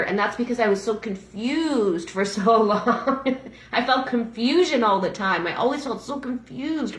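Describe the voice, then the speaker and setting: A middle-aged woman, a massage therapist, giving a reflective talk on a daily reading, speaking gently with frequent restarts and fillers. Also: a little high, normal speed, roomy sound. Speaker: massage therapist and breathwork facilitator.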